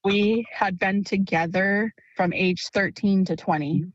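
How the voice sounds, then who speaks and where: A woman in her thirties speaking in a news interview, slow and halting. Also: medium pitch, fairly even intonation, no echo, dull audio. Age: 30s.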